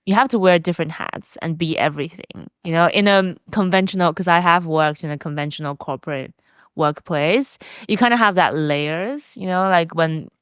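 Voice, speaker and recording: A podcast host with a slightly low, smooth and clear woman's voice. She talks in a relaxed, chatty way, expressive and quick to laugh. The sound is dry and close. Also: no echo. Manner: frequent soft affirming murmurs. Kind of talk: casual conversational interview.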